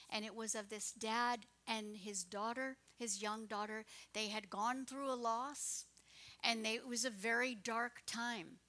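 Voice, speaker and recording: Woman pastor, bright, fairly high voice; earnest sermon delivery with hushed asides and fervent prayer. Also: fairly even intonation, takes it slowly. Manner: earnest, swings from soft whispers to fervent prayer.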